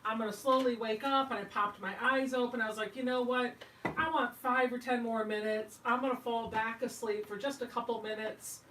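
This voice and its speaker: Brief: chatty, giggly woman host of a sewing live, fairly high voice, heard from across a noisy room. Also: fairly even intonation, brisk, echoey room. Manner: chatty, laughs often, hums silly tunes. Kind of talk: casual chat while sewing. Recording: distant mic in a noisy room.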